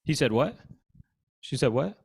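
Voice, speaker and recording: A man's voice: medium pitch, unhurried, gravelly, breathy edge. A man doing improvised stand-up, riffing absurdly and chatting with an online audience. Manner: goofy, deadpan absurd riffing, chats with audience. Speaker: stand-up comedian. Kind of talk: improvised stand-up with crowd work. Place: live-streamed comedy show, audience on video call. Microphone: video call mic.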